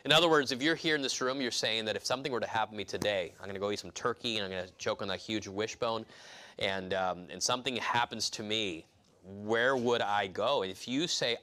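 Bright-voiced male pastor preaching. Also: fairly low pitch, brisk. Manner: conversational preaching, rising to emphatic peaks. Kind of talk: sermon.

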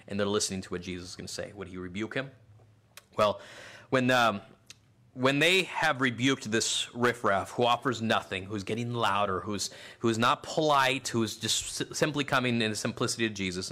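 Male preacher, bright tone, chatty sermon delivery, can build to shouting. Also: fairly low pitch. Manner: conversational preaching that rises to shouted acted-out crowd voices.

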